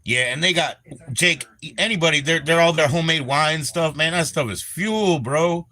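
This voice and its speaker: A man's voice: fairly high pitch, normal speed, sharp tone. An older man on a live stream, rambling and swearing as he greets viewers and chats casually.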